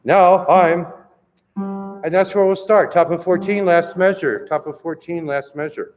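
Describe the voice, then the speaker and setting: A man leading a choir rehearsal, counting in and coaching singers with brisk encouragement. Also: sits high, a little mellow. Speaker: choir director. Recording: reverberant hall with music playing.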